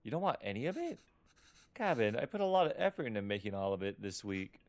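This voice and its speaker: A man voices a devoted middle-aged mother who won't let go, earnest and softly pleading, her voice rising and falling lively from line to line. She reads like a story game's heartfelt parent. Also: fairly low pitch, fast talker. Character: caring middle-aged immigrant mother, gentle but stubborn. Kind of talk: reading game dialogue aloud.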